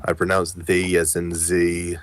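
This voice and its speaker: A man's voice: deep voice, monotone, unhurried, no room sound. A man chatting casually with friends, crude and profane, joking around.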